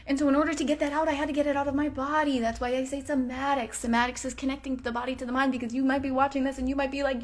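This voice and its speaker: Frank woman coach, slightly high voice. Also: little pitch movement, racing, few pauses. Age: 30s. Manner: casual, frank, heavy on "like" fillers and swearing. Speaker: podcast host and coach. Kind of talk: motivational podcast monologue.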